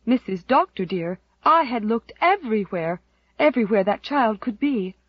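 A woman's voice: on the high side, lively intonation, unhurried, breathy edge, no room sound, dull audio, voice pushed up. A woman playing a frantic, stammering housekeeper. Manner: anxious, stammering, fretful. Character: frantic devoted middle-aged housekeeper. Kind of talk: audiobook character voice.

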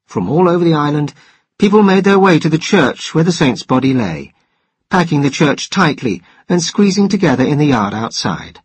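A man narrating a novel in steady, even storytelling, with a husky voice. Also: on the high side, normal speed, no echo. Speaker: audiobook narrator. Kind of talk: scripted narration.

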